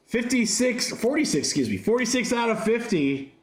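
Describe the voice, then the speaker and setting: A man's voice: high-pitched, sing-song, normal speed, reverberant. A man hosting a trading card break, rattling off card names with chatty asides to his viewers. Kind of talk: casual livestream commentary while opening packs.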